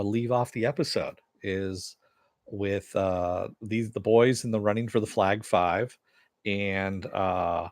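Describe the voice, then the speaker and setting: A middle-aged man with a lowish voice casually recaps a TV episode and reads chat comments aloud. He rambles with plenty of "uh"s and chuckles. The sound is dry and close. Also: dry recording. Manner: rambling, many fillers, chuckles often. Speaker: TV show reviewer.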